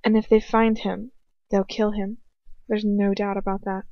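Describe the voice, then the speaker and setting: A woman's voice: mid-range voice, little pitch movement, moderate pace, no room sound. A woman reading fan fiction aloud in first person, in an earnest way with occasional slips and restarts. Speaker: audiobook reader. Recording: dull lo-fi home recording.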